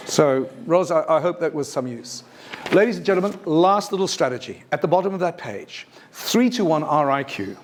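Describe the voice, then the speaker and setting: A man leading a workshop for student teachers in a lecture room, lively and emphatic, often asking the audience questions. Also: a little high, a little hiss or hum. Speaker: teacher trainer. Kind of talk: workshop presentation.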